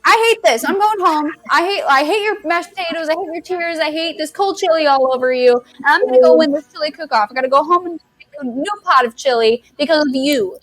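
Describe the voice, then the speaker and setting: A woman voicing an indignant young man in an online improv comedy scene, ranting fast. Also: sits high, fairly bright tone, no echo. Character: huffy young man storming off, Carl.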